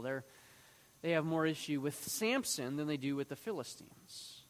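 A man's voice: on the high side, lively intonation, normal speed, long reverb tail. A man teaching through a Bible passage, reading it aloud and acting out the quoted lines in a raised voice.

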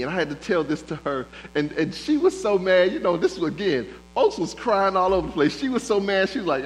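A man's voice: sits high, big pitch swings, fairly quick, few pauses, low-quality recording. A man preaching a sermon, building rhythm through repeated phrases and speaking God's words in quotes. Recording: faint mains hum.

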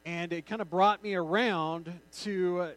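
A man's voice: high voice, fairly even intonation, a little slow, fairly bright tone, low-quality recording. A male pastor giving an informal, conversational sermon with joking asides.

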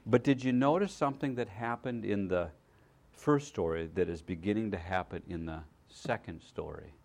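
A man's voice: on the low side, normal speed, gravelly. Man preaching in a conversational teaching tone. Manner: conversational, checks in with listeners; swings between loud emphasis and hushed asides. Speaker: pastor. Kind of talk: sermon.

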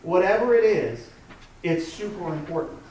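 A man's voice: sits high, animated, normal speed, a little mellow, a little hiss or hum. Male pastor, thirties, conversational sermon with restarts; distant mic, heavy room echo. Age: 30s. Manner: conversational, with frequent restarts and fillers.

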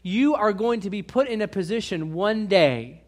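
This is an expressive sermon from a high-voiced male pastor who shifts from soft, confessional remarks to booming, drawn-out emphasis. Direct questions aimed at the congregation come up often.

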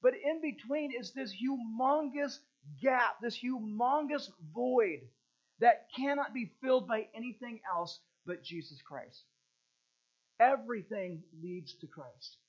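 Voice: mid-range voice, slow, muffled recording. Earnest preacher asking repeated questions. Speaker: preacher teaching a catechism lesson. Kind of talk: sermon.

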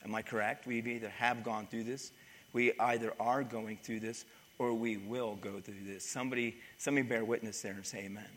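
A male pastor preaching a sermon, swinging from loud to hushed. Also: lowish voice, flat delivery, a little fast, slight background noise. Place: church sanctuary. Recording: reverberant church hall.

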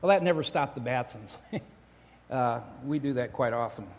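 A man's voice: mid-range voice, lively intonation, normal speed. Male pastor preaching in an echoing church. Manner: conversational, joking, frequent restarts. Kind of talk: sermon. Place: church sanctuary. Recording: long church hall reverb.

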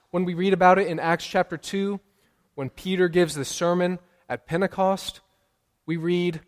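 A man preaching a sermon as pastor, emphatic and repeating his key lines for weight. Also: fairly high pitch. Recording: long hall reverb.

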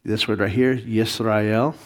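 A man, a pastor, teaching a Bible class, explaining Hebrew words slowly with many fillers and restarts. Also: lowish voice, fairly even intonation. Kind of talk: classroom lesson reading Hebrew.

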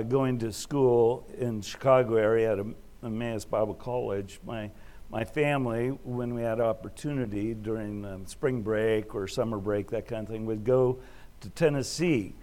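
Man, middle-aged, sermon, conversational storytelling, halting restarts. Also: medium pitch, a little mellow. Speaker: preacher. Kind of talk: sermon with personal stories. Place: Alaska.

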